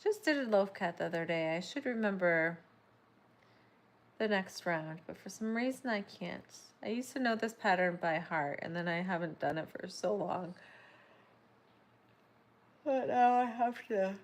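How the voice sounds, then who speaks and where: A woman's voice: mid-range voice, animated, a little slow, long pauses. Sleepy, chatty woman livestreaming. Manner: chatty, rambling, apologetic. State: yawning, sleepy. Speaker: crochet livestream host. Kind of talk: casual livestream chat while crocheting.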